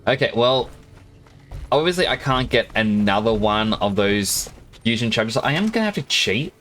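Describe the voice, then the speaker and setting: A man's voice: medium pitch, lively intonation, normal speed, a bit bright. An Australian man giving rambling, casual commentary as he streams a game, often cutting himself off mid-sentence. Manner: chatty, rambling, self-interrupting.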